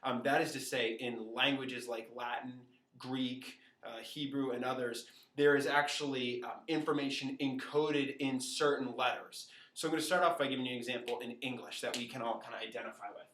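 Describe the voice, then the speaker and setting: A man gives a relaxed whiteboard lesson, chatty and full of little asides. His voice sounds roomy and echoey, picked up from some distance by the camera. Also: medium pitch, moderate pace, few pauses. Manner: chatty and informal, with many fillers and asides to the viewer. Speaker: Latin teacher. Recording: echoey room, far from the mic.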